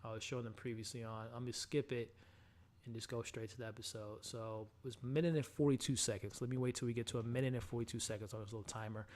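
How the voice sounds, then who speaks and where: Using a headset mic, a man hosts a live stream and chats casually with viewers, talking to the chat with restarts and fillers and sometimes dropping to a murmur. His voice is medium-pitched, steady and darkish, and his pace is quick.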